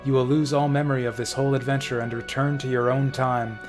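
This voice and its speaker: A man's voice: medium pitch, level tone, quick pace. Man reading game text over music. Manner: dramatic reading, drifting into casual, profane asides. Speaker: streamer. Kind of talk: reading game dialogue aloud and commenting. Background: faint game music.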